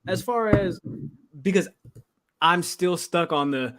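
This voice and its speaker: A man co-hosting a podcast, chatting casually in laid-back slang with quick laughs. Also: sits high, background noise. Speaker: podcast co-host. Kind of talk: casual chat.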